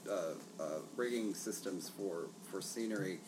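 A man's voice: deep voice, unhurried. A man hosting a casual quiz among friends, asking the questions and explaining answers with hesitant fillers. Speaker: quiz master. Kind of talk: casual hosted quiz chat. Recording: distant mic with background noise.

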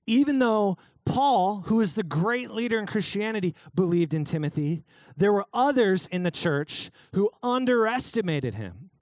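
Young man, youth pastor, high voice, dry close sound, joking sermon. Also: no echo. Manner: casual, joking, calls out listeners by name.

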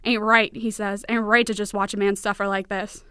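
Lady doing a whiny stuck southern guy, begging, crisp dry voice. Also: medium pitch, flat delivery, normal speed, a bit bright, no echo, close to an everyday voice. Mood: pleading. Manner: whining, pleading. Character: whining stuck Southern man, pleading.

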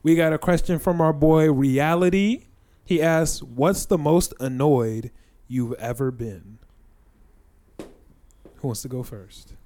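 A man's voice: a little high, takes it slowly, pauses often, warm tone. A young man hosting a casual podcast chat, telling loose, profane stories full of fillers. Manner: loose, profane storytelling with lots of "like". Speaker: podcast host.

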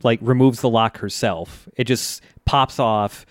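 A man's voice: medium pitch, steady tone, unhurried, no echo. Laid-back man, dry close sound. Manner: laid-back, laughing, filler-heavy storytelling. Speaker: podcast co-host. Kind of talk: casual recap chat.

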